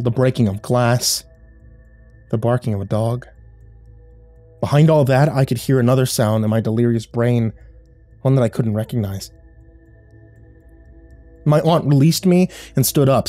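A man telling a first-person horror story as scripted narration, grim and measured. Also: medium pitch, dark tone, no room sound, faint music behind.

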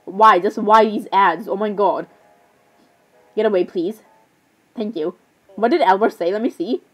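A woman's voice: medium pitch, unhurried, breathy edge. A young woman giving rambling, giggly commentary while playing a game, with frequent fillers and asides. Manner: rambling, giggly, says "literally" constantly. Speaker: gamer. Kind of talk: casual gameplay commentary.

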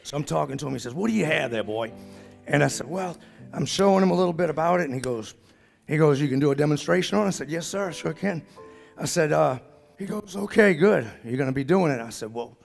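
A man's voice: a little high, animated, fast, gravelly, soft background music. A middle-aged man from the New Orleans area with a New Orleans accent, telling a folksy story at a business talk and acting out the dialogue. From New Orleans area, Louisiana. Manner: folksy, acts out quoted dialogue. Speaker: speaker at a business summit.

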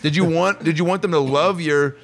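A blunt, upbeat mother, played by a man pushing his voice higher. She talks in short, no-nonsense bursts. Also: brisk. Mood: brisk. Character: brisk no-nonsense middle-aged mother.

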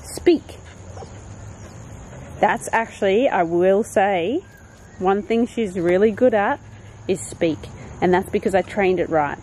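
A woman chatting casually outdoors in a backyard, vlogging while training her dog and calling to it in a high sing-song voice. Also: a little slow, darkish tone, slight background noise, rough recording. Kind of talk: casual vlog chat.

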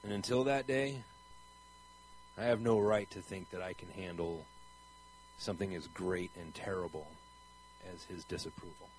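A man's voice: mid-range voice, huge pitch swings, moderate pace, long pauses, slight background noise, rough recording. A man speaking in a conversational preaching style, earnest and rambling, asking his listeners pointed questions. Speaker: traveling Christian preacher.

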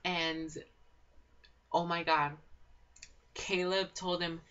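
A young woman giving a casual, gossipy reality show recap, excitable and swearing a lot, with constant filler words. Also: fairly low pitch, very slow, noisy background. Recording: dull lo-fi home recording.

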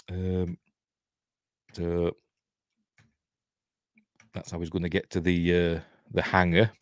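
A man's voice: sits low, darkish tone, no echo, clean studio sound. A middle-aged man with a Yorkshire accent giving a rambling, casual commentary while watching a film, full of ums and small chuckles. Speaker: channel host, film commentator.

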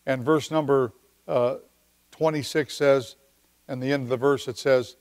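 A man preaching a midweek church sermon, talking in a conversational way with pauses and slowing down to read scripture. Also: mid-range voice, steady tone. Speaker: pastor. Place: church service.

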